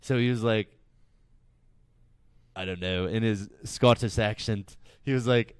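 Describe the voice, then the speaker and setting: A man's voice: lowish voice, measured pace, long pauses, smooth, no room sound, studio quality. A man hosting a casual podcast, rambling through stories and laughing at his own jokes. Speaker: podcast host.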